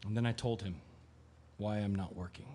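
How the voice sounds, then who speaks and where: A man doing a sick man, subdued, self-deprecating, quiet inner monologue. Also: fairly low pitch, fairly even intonation, moderate pace, breathy edge. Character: ill young man, quietly guilty. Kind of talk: audio drama acting, inner monologue.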